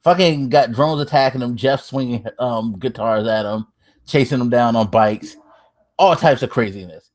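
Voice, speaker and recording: A man hosting a podcast, recapping wrestling in casual chat. He gets excitable, swears freely and laughs as he tells it. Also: mid-range voice, normal speed. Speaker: podcast host.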